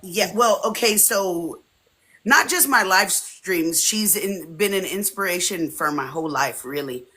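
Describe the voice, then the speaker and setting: An unhurried woman in her forties with a lowish, breathy-edged voice chats as a guest in a casual interview. Speaking from a home streaming setup, she tells stories animatedly and acts out what her friends said.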